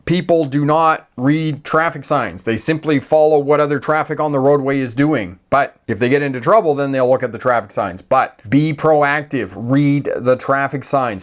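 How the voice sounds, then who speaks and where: A Canadian man teaching driving on a live stream, talking in an easygoing, conversational way at a middling pitch. He keeps checking in with his viewers as he explains. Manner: conversational, checks in with "okay?" and "all right?". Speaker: driving instructor.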